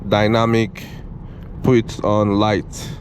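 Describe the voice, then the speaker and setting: A young man giving casual, excitable driving commentary from inside a moving car, repeating himself and calling out "bro", recorded on a GoPro camera. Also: on the low side, slow pace. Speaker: car reviewer. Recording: road and engine noise in car.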